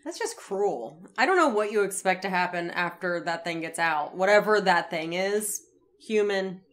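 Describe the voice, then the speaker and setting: A woman's voice: on the low side, animated, moderate pace, a bit bright. A woman co-hosting a podcast, chatting casually about a TV episode and laughing easily. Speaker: podcast co-host. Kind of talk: casual chat recapping a TV episode.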